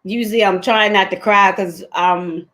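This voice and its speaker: A woman hosts a live-streamed talk show, speaking candidly and conversationally. Her delivery is unhurried and open, with drawn-out pauses between thoughts, in a middle voice. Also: medium pitch, fairly even intonation, fairly bright tone. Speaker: host.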